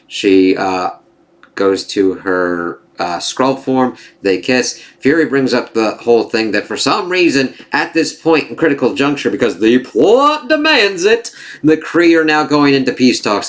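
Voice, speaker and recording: A man's voice: lowish voice, lively intonation, takes it slowly, fairly bright tone. A man giving an opinionated spoken review of a TV series. He is blunt and exasperated, swears heavily, and slips into mocking voices when he quotes characters.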